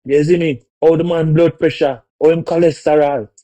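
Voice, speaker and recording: A laid-back man from Jamaica who speaks broad Jamaican Patois, warm and mellow in tone. He rambles in a relaxed rant and keeps checking that the listener is following him. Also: fairly high pitch, normal speed. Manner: laid-back, keeps asking "you see me". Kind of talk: casual TikTok rant.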